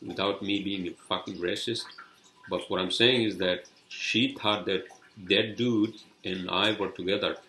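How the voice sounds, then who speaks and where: Alone on his casual podcast, this man tells a meandering, profane tale packed with fillers and false starts. He speaks unhurriedly in a deep, steady voice that sounds pushed and bright, captured in low-quality audio.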